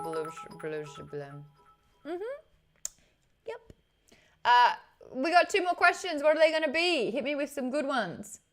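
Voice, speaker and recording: A woman's voice: mid-range voice, fairly bright tone. A young adult woman, chatting casually with viewers on a live stream, greeting the chat and laughing often.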